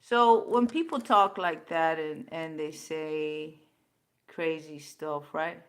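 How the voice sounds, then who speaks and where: Slow and deep-voiced, a woman in her fifties runs a livestream off the cuff, responding to viewer comments with blunt talk and free swearing.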